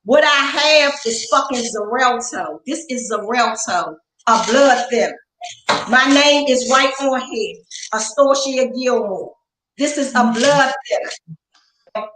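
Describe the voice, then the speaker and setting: A woman's voice: fairly high pitch, slow, background noise. A woman speaking as an interview guest, ranting in a heated, profane, confrontational way with lots of emphasis. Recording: roomy echo.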